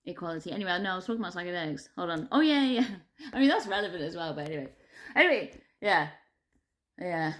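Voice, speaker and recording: A woman's voice: lowish voice, sing-song, fast. Swearing, exasperated woman ranting. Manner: heavy swearing, filler-laden, laughing through frustration. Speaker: vlogger. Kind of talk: casual ranting monologue.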